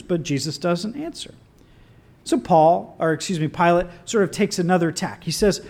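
A man preaching a sermon in an animated, conversational way with wry asides. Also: high voice, moderate pace.

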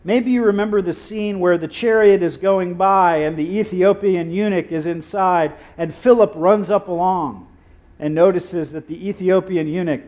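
A male pastor preaching a sermon, telling stories with acted-out quotes and dramatic pauses. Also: high-pitched, a little mellow.

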